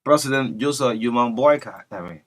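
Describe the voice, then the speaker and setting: A man hosting a breakfast talk radio show, emphatic and repetitive, swinging between loud and soft. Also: medium pitch, lively intonation, brisk. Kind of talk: animated talk radio commentary.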